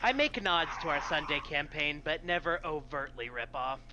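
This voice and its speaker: A man's voice: on the high side, animated, normal speed, heavy background noise. A man running a tabletop game as game master, playful and improvising.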